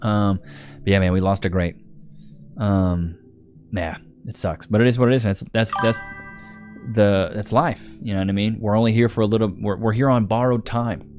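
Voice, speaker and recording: Soft music plays behind a man with a lowish, fairly even, slightly mellow voice speaking at normal speed. He hosts a livestream, rambling in a relaxed way as he reads donations and thanks his viewers, with frequent laughter.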